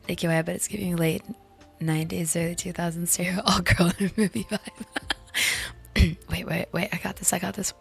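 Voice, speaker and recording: A woman streamer with a hoarse, healing voice chatting casually and reading her chat aloud with frequent laughs. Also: lowish voice, little pitch movement, fairly quick, long pauses, soft background music.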